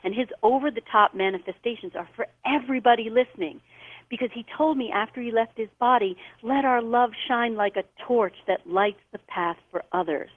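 Animated woman telling a story over the phone. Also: fairly high pitch, normal speed, no room sound. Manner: animated storyteller, acts out quoted voices. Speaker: guest author. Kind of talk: storytelling on a call-in show. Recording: tinny phone line.

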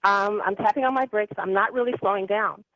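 A woman's voice: medium pitch, brisk, a bit bright, no room sound. A woman calling in to a radio show, telling a personal story in a chatty, rambling way. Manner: chatty, rambling with many ums and anyways. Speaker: caller. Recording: dry tinny phone line.

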